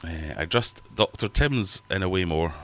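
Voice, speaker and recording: Man, middle-aged, deep low voice, chatty rambling livestream host, reads viewer comments. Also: expressive, moderate pace, a bit bright. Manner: chatty, rambling, self-mocking. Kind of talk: casual livestream chat reading viewer comments. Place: home fish room.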